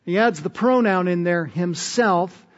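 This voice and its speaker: High-voiced male pastor preaching. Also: a little slow, big-room sound, lo-fi sound. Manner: earnest, emphatic, asks the congregation questions. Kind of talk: sermon.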